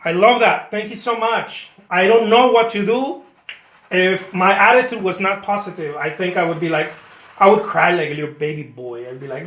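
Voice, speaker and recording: Playful, high-voiced artist chatting while painting. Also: male voice, moderate pace, fairly bright tone, reverberant. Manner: playful, self-mocking boasts; chatty, thanks viewers by name. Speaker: artist painting live for viewers. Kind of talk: casual live-stream chat while painting.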